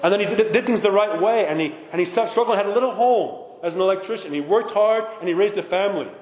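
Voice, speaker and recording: A male priest preaching a blunt, animated sermon with mocking asides. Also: sits high, quick pace. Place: church. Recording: echoey hall from far off.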